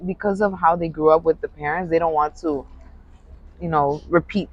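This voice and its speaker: A woman's voice: deep voice, steady tone, normal speed, no room sound, lo-fi sound. A woman co-hosting a podcast in casual chat, reflective and hesitant with fillers. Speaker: podcast co-host.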